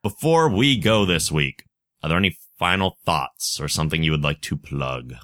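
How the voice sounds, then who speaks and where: A man hosting a podcast in casual chat, talking in a relaxed, chatty way and reading out plugs and contact details. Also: extremely low pitch, normal speed. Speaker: podcast host.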